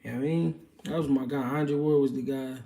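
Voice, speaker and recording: Gravelly-voiced man in casual boxing talk. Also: medium pitch, fairly even intonation, fairly quick, mellow, far from the mic. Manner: slangy, loose street talk with many fillers. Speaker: livestream host answering viewer questions.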